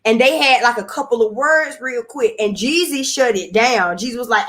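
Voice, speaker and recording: A woman's voice: a little high, animated, moderate pace, few pauses, fairly bright tone. A woman hosting a live online show, casually recapping an event in a rambling, chatty way and talking straight to her viewers. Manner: rambling, chatty storytelling that addresses viewers directly.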